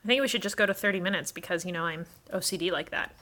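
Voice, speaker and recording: A woman's voice: on the low side, rapid-fire, bright, forceful tone. A woman hosting a casual livestream, chatting with viewers and cooing baby talk at her cats.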